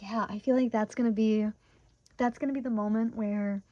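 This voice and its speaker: A young woman reading tarot cards in a relaxed, chatty way, leaning on fillers as she shares her feelings. Her voice is warm and mellow. The recording is dry and a little dull. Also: fairly high pitch, moderate pace, dry recording. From Michigan, USA. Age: 20s. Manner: chatty, heavy use of "like" fillers; emotionally open, talks through her feelings. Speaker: tarot reader. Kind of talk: casual pick-a-card tarot reading.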